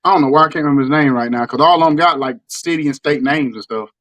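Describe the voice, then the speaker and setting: Stammering middle-aged Southern man, high-ish voice. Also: quick pace, dry recording. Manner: animated, repeats words and stammers restarts. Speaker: podcast host. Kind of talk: casual chat.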